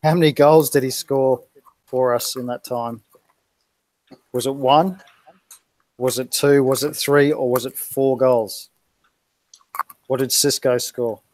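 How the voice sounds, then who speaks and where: A man's voice: medium pitch, fairly even intonation, slow pace, long pauses, darkish tone, dry recording. Man reading quiz options, dry sound. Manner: reads multiple-choice options out in a lilting list. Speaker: quizmaster. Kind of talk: live quiz stream chat.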